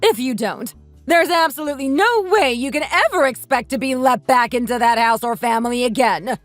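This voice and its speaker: A woman's voice: sits high, animated, moderate pace, no room sound, faint music behind. A woman voicing a bossy, scornful sixty-year-old mother-in-law in a texting story, scolding and insulting. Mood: indignant.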